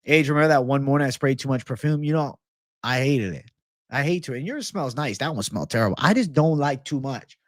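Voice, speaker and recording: A man's voice: mid-range voice, expressive, brisk, no room sound. Guy ranting and cursing on his livestream, reading chat, dry close sound. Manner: profane, ranting, reads viewer comments. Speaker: livestream host. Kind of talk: casual livestream Q&A.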